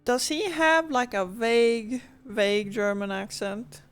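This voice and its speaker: Woman streaming a game, talks real slow, jokey wry comments, music under it. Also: a little high, smooth. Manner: wry, joking, unhurried. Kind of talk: casual live gameplay commentary.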